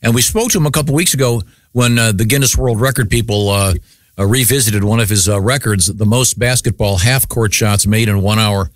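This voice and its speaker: A man hosting morning radio, hesitant with many fillers and quick to laugh, on a studio mic. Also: on the low side, dry recording. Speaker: radio host. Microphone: studio mic with headphones.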